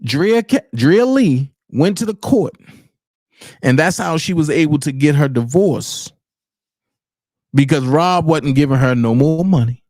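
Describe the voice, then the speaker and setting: Male commentary host with a high voice, blunt and profane, dry close-miked sound. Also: animated, unhurried, darkish tone, no room sound. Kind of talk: unscripted commentary rant.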